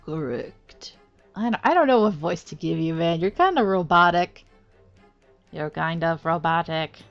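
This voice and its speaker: A young woman commentating a blind playthrough of a story game, with loud, laughing reactions. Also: on the low side, animated, normal speed, smooth, soft background music. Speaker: gaming streamer. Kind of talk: blind let's-play commentary. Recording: dull lo-fi recording.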